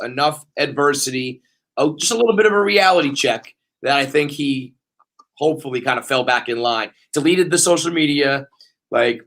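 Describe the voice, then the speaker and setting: A man's voice: mid-range voice, fairly bright tone. A man hosting a podcast, chatting casually and riffing animatedly, with plenty of swearing. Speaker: podcast host. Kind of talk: casual sports chat.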